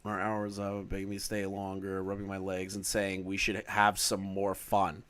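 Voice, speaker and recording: A man's voice: sits low, completely flat delivery, moderate pace, a bit bright. Man casually reading and mocking a document. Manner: casual, profane, sarcastic asides. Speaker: drama commentary YouTuber. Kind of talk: reading aloud and commenting on a document.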